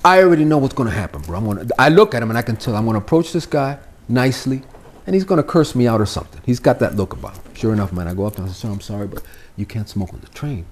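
A middle-aged Miami man from a Cuban family guests on a podcast, telling stories in a loose, swearing style and acting out the voices with animation. His voice is fairly low and very fast, with a little hiss or hum on the recording.

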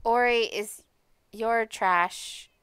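A woman streaming Minecraft, chatting casually with herself and her chat as she plays, with sudden high yelps when startled. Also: drawn-out words, fairly bright tone, clean tone, no room sound, clean studio sound. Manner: chatty, talks to herself and chat while playing. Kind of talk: casual gaming commentary.

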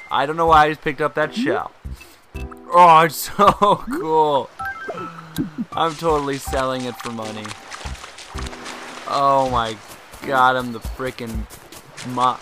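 A young man giving chatty let's play commentary as the host of a gaming video, rambling along and bursting into excited shouts, with game music behind him. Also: medium pitch, unhurried, long pauses.

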